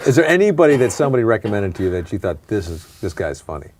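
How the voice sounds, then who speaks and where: A man's voice: on the low side, big pitch swings, rapid-fire, darkish tone, slight background noise. A male comedian guest in a casual, easygoing chat, sometimes reading jokes aloud.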